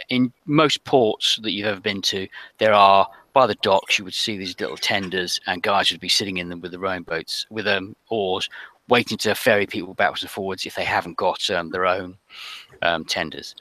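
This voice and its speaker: A man narrating a tabletop game as game master, with a halting delivery full of ums. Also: sits low, steady tone, pushed and bright, no room sound. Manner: hesitant, many ums.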